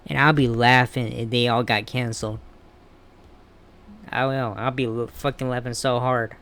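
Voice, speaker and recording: A man with a smooth, resonant voice at an ordinary middle pitch, ranting in a casual wrestling commentary vlog. He is blunt and heated, swearing freely as he talks. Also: fairly even intonation, normal speed, a bit bright.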